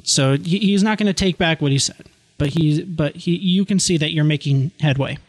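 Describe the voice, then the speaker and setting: Halting man running a tabletop game. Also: a little high, no echo. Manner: halting, many restarts and fillers. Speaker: game master.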